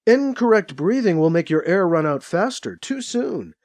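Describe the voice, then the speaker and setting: A man voicing a sinister alien who slowly taunts a trapped man, repeating himself with creeping menace. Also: sits high, sing-song, darkish tone. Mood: taunting. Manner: slow, creeping, repetitive menace.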